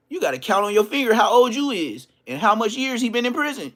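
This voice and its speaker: Slangy storytelling man, slightly high. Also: fast talker. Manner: slangy, animated, frequent restarts. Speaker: podcast guest. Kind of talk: casual storytelling.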